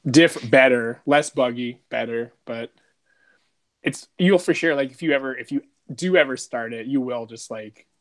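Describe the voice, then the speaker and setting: A man's voice: medium pitch, moderate pace. A man co-hosting a podcast in casual chat, rambling and profane, with lots of "dude" and "like". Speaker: podcast co-host.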